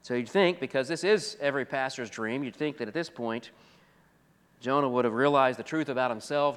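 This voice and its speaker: A man preaching to a congregation, his voice smooth and resonant at an ordinary pitch. He drives points home with rising force, then drops to a hush. Long reverb trails each phrase, as from a large sanctuary. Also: brisk. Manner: emphatic, swings from loud to soft. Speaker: pastor. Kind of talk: expository sermon.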